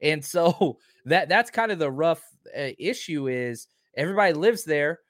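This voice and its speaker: A man's voice: on the high side, animated, normal speed, no room sound, studio quality. A man hosting a live show, chatting casually and emphatically while reading out viewer comments. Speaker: podcast host. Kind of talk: casual live-stream chat.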